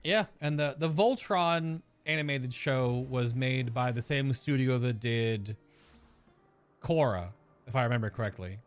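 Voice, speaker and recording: A man's voice: mid-range voice, unhurried, soft background music. An American man chatting casually while streaming a game, rambling and searching aloud for words. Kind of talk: casual gameplay chat.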